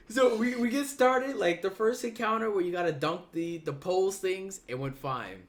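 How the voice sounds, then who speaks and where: A man's voice: high voice, normal speed. A man hosting a casual gaming podcast, telling stories and acting out quoted lines with sudden jumps in his voice. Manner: animated storyteller, acts out quotes with voice jumps. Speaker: podcast host.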